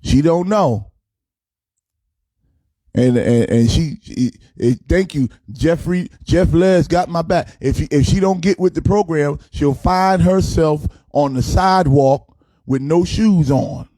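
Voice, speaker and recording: New guy preaching about his team like it's sunday service, kinda high voice but mellow, dry sound. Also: slow pace, dry recording. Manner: preachy, boastful, playful with sing-song cadences. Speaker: pastor. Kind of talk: comic sermon-style sports rant.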